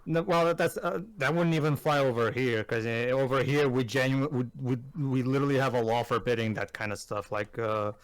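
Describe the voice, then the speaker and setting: A man's voice: medium pitch, a little fast, few pauses, no echo, poor audio. A man co-hosting a casual movie commentary, hesitant and full of fillers and restarts.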